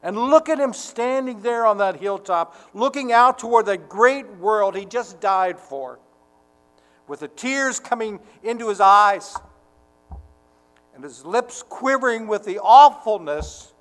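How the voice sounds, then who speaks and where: A man preaching a sermon to his congregation, earnest and deliberate, rising to fervent emphasis. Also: high voice, animated, a bit bright, long reverb tail. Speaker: pastor.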